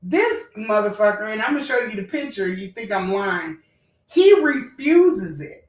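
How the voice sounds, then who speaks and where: A woman's voice: medium pitch, very animated, normal speed, far from the mic. Fired-up woman ranting in an echoey room. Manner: blunt, profane, emotional, talks straight to viewers. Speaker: vlogger. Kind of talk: heated storytime rant.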